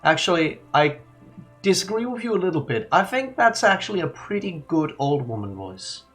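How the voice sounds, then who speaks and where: Stream co-host, giggly, teasing, lively pitch, casual. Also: moderate pace, soft background music. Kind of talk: casual chat.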